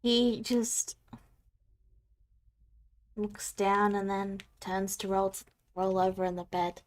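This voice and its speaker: A woman acting as game master, narrating scenes and prompting the players in a relaxed way. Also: mid-range voice, slow pace.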